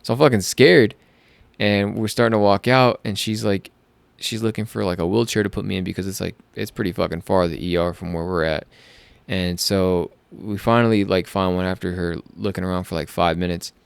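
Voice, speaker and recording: A man's voice: fairly low pitch, smooth, no room sound. A young man hosting a podcast, telling a personal story in a casual, rambling way with slang, lots of fillers and restarts. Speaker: podcast host.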